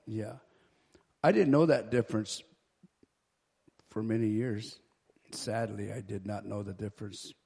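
A man in a church study group, sharing his own reflections in a halting way. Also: on the low side, steady tone, gravelly, noisy background.

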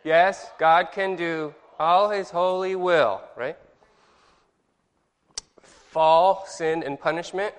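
A man with a fairly high voice teaches an informal Bible study. He rambles in a friendly way, quizzes the class and stops to correct himself. His voice rings out in a hall with a long, lingering echo. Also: takes it slowly, long pauses, clean tone.

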